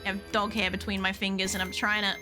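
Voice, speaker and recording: A young woman streaming a game, chatting excitedly and swearing freely as she talks to her viewers and the game. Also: mid-range voice, quick pace, music in the background. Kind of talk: casual live-stream chat while gaming.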